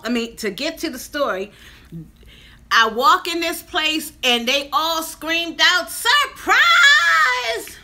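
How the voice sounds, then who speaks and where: Talking directly to her audience, this vlogger in her fifties shares something personal in a chatty way. She has a high-pitched voice with a sharp edge.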